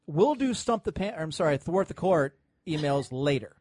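High, animated podcast host man. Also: moderate pace, a little hiss or hum. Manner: loose, swearing, laughs often, trails off with fillers. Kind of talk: casual chat.

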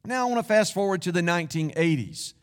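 A man's voice: high voice, lively intonation, fast, in a large hall. A man preaching a sermon as pastor, speaking in a conversational way with folksy asides. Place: church sanctuary.

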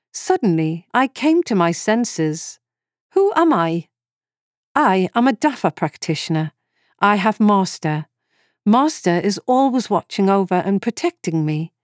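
A woman in her forties reading a first-person story in calm, measured scripted narration. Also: mid-range voice, no echo, studio quality. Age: 40s.

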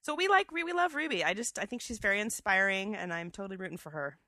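A woman co-hosting a chatty podcast, talking with eager enthusiasm and loose fillers. Her tone is bright and forward, and her mid-range voice sounds dry and close to the mic. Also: medium pitch, lively intonation, fast talker, no room sound. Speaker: podcast co-host. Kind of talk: casual chat.

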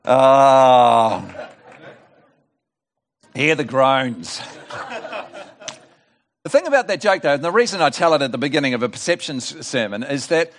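A middle-aged man preaches at a church service in a lively voice that swings high and low. He sits a little high for a man and tells a joke as an animated storyteller, full of asides and restarts. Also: brisk, pauses often. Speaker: guest preacher. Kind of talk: sermon with a told joke.

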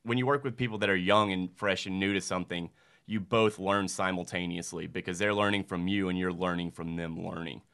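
This Mississippi man in his thirties speaks low and steady, a little fast, with vocal fry and a smooth, fairly bright tone. As a podcast guest he rambles earnestly through casual chat, saying "like" constantly.

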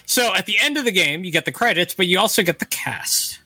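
A man's voice: high voice, animated, fairly quick, sharp tone, slightly rough, no echo. A man co-hosting a casual game stream, plainly explaining how the game works. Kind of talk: casual chat while playing a game.

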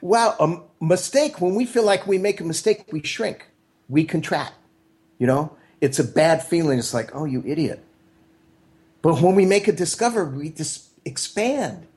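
Animated middle-aged man telling stories. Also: a little high, moderate pace. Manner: animated, acts out quoted voices, upbeat. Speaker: guest, mentor. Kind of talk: storytelling conversation.

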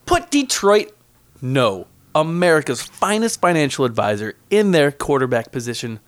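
A man's voice: fairly high pitch, sing-song, normal speed. A man sitting in as a podcast co-host, riffing playfully with some hesitant restarts. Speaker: guest co-host. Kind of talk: improvised comedy banter.

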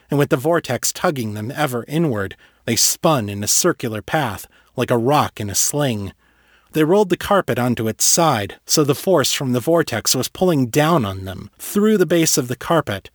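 A man reading a fantasy story aloud in a steady, measured narration. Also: mid-range voice, no echo, studio quality. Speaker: audiobook narrator.

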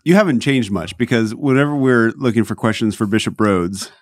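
A man's voice: medium pitch, brisk, dry recording, clean studio sound. A man hosting a casual interview who asks easygoing questions and laughs along. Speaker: interviewer, host.

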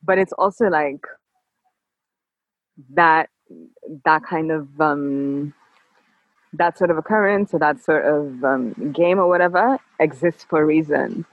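Calm, level-speaking woman, lo-fi. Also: low-pitched, slow pace, pauses often, no echo. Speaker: podcast guest. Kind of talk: casual interview chat. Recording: dull lo-fi dry sound.

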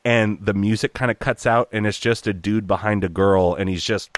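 A man from Oregon, a voice actor, telling a story in an animated, profane way and slipping into character voices. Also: on the low side, moderate pace, no echo, studio quality. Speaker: guest voice actor. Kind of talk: casual storytelling.

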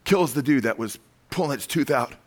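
A man's voice: medium pitch, expressive, brisk. A man preaching a sermon, emphatic and full of rhetorical questions, telling stories with dramatic flair.

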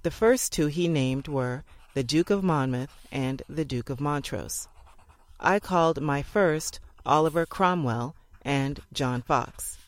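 Measured reader of old letters. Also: medium pitch, no room sound. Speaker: audiobook narrator. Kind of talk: reading old letters aloud.

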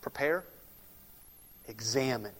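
A male pastor preaching a sermon, swinging from emphatic loud declarations to hushed, almost whispered lines. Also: mid-range voice, lively intonation, slow pace. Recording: long hall reverb.

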